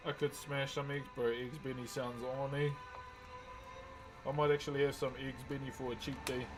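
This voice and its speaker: A young man with a New Zealand accent, hosting a relaxed livestream and greeting viewers by name while he carves wood. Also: mid-range voice, moderate pace, music in the background, rough recording. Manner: laid-back, greets chat viewers by name. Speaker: livestream host. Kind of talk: casual livestream chat while wood carving.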